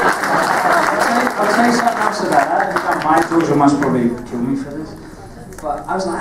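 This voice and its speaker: Animated Cockney man in an echoey hall. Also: sits high, takes it slowly, pauses often, a loud crowd, heavy background noise. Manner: animated storytelling, laughing, acting out moments. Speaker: panel guest, actor and martial artist. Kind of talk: convention panel Q&A. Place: large convention panel room. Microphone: audience camera far from the stage. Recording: echoey convention hall, recorded from far off.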